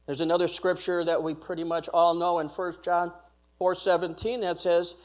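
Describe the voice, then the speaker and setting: A man's voice: high voice, flat delivery, normal speed. A man preaching a sermon as pastor, emphatic and repetitive.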